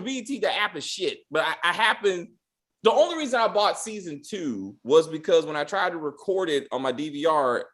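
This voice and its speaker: A man's voice: a little high, fairly bright tone. A young man co-hosting a casual recap chat, ranting with profanity and acting out mock quotes. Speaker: podcast co-host.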